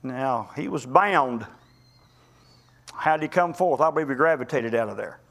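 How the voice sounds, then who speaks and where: A male preacher delivering a sermon, telling stories in a folksy, impassioned way that swings between loud climbs and quiet drops. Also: medium pitch, expressive, moderate pace, vocal fry. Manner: impassioned, folksy storytelling with sudden rises and drops.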